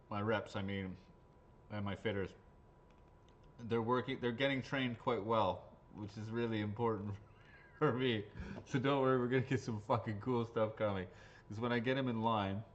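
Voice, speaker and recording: A man's voice: lowish voice, steady tone, normal speed, a little hiss or hum. A man hosting a live raffle draw, chatting casually, joking crudely and rambling between draws. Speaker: raffle host. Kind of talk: casual live-stream chat. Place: his golf shop or driving range. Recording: slightly dull lo-fi audio.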